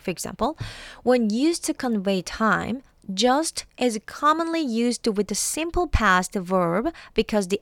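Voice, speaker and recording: A woman with a Korean accent teaching English, reading sentences aloud slowly and explaining them. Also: mid-range voice, vocal fry, no room sound.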